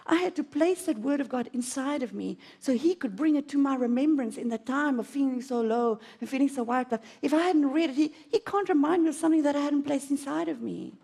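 A woman's voice: a little fast, vocal fry, few pauses, warm tone. Emotional woman preaching. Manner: emotional storytelling with dramatic swings in pitch. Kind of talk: sermon. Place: auditorium.

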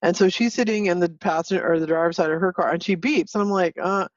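A woman co-host telling a story in a brash, animated way, swearing freely. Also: fairly low pitch, quick pace, no room sound. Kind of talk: casual storytelling. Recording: dull, distant from the mic.

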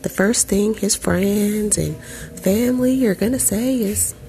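A young adult woman hosting a podcast, reading out an article and commenting on it in an animated, profane, sarcastic way. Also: mid-range voice, measured pace, faint music behind. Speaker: podcast host.

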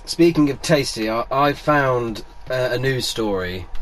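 A man co-hosting a podcast, swearing freely and setting up his stories in animated casual chat. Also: medium pitch, a little slow, a little hiss or hum. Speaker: podcast co-host.

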